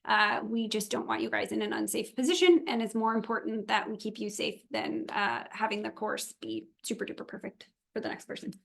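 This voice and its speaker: A woman's voice: medium pitch, expressive, a little fast, vocal fry, few pauses. A woman briefing a virtual meeting for event volunteers and drivers, upbeat, chatty and practical. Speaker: event organizer.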